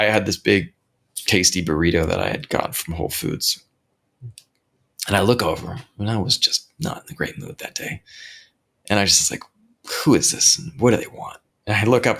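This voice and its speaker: Deep gravelly earnest man. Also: fairly bright tone. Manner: earnest, halting with repeated restarts. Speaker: podcast host. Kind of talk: reflective solo talk. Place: home recording setup.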